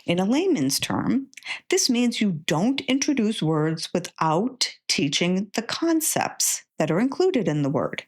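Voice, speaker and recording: A woman hosting an instructional podcast, patiently explaining a reading method step by step and sounding out syllables slowly. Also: medium pitch, very animated, husky. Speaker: podcast host and reading tutor.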